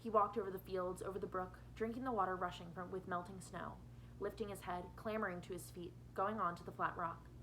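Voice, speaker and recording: A woman's voice: lowish voice, fairly even intonation, brisk, fairly bright tone, a little hiss or hum, low-quality recording. A woman teacher reading a novel aloud to her students, changing her voice for each character.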